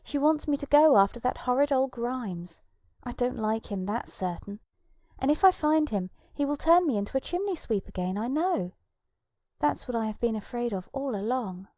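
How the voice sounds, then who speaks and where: A woman's voice: a little high, expressive, normal speed, warm tone, dry recording, studio quality, natural voice. A woman voicing a sulky young boy who whines dolefully, in a storybook reading. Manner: whining, doleful. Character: sulky, whining young boy water-baby.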